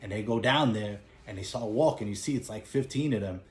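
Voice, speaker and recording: A man's voice: fairly low pitch, brisk. Roomy-sounding man retelling a movie. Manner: animated storytelling, acts out lines in a raised voice. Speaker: movie collector and reviewer. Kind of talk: casual plot retelling. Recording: roomy echo.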